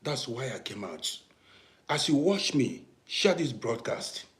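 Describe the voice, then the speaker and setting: A man from Africa with an African English accent, hosting a livestream and talking to his viewers in an emphatic way, checking that they understand and breaking into loud bursts. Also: medium pitch, sing-song, slow, echoey room. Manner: emphatic, repeats "do you understand me", swings from quiet to loud bursts. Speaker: livestream host. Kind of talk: live-streamed commentary to viewers.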